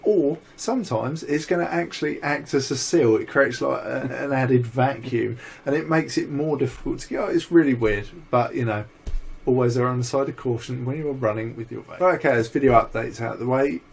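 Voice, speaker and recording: Gravelly, husky man chatting loosely. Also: medium pitch, a little fast. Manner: rambling, swears freely, animated storytelling. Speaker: vlog co-host. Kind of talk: casual chat.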